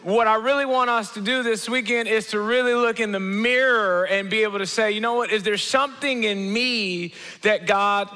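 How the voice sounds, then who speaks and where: A man preaches a comedic sermon from a church stage. His voice sits high and rings bright, and he acts out the people in his stories with sudden leaps in pitch. A long reverb from the large hall trails each phrase. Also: moderate pace, hardly any pauses. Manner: animated storytelling, acts out quoted people with jumps in pitch. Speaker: teaching pastor. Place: church auditorium.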